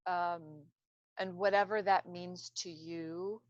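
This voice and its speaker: A woman's voice: on the low side, steady tone, takes it slowly, dry recording. A woman speaking unscripted about healing, rambling and searching for words as she goes. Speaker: speaker on trauma recovery. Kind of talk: casual unscripted talk to camera. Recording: dull lo-fi self-recording.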